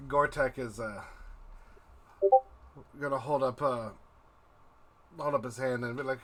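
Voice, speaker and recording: A man's voice: mid-range voice, steady tone, a little slow, pauses often, a bit bright. A man narrating as dungeon master in a casual, swearing style. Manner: casual, profane, laughing. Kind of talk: narrating a tabletop game.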